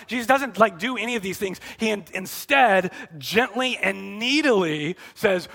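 A man preaching a sermon, earnest and animated, acting out quoted lines and then dropping to soft, intimate tones. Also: high-pitched, moderate pace, vocal fry, few pauses. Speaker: pastor.

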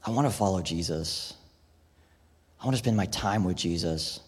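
A low, slightly rough male voice at a moderate pace belongs to a pastor giving a conversational, casual sermon. He often says "like" and "right?", and a long hall reverb fills the recording.

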